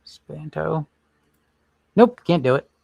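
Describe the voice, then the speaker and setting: Male stream host, slightly high voice, rambling casual chat. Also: lively intonation, slow pace, gravelly, dark tone, dry recording. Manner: rambling, thinks aloud while browsing. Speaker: livestream host.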